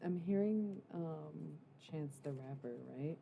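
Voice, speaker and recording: A woman's voice: low voice, expressive, slow pace, vocal fry, few pauses, noisy background. A woman livestreaming a casual intuitive reading, rambling from thought to thought with slang, swearing and mystical asides.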